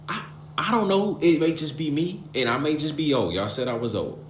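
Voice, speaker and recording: A man in his late twenties, a youth coach, telling a story to camera in an animated, exasperated, slangy way. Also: medium pitch, normal speed, a little hiss or hum. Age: late 20s. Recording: roomy echo.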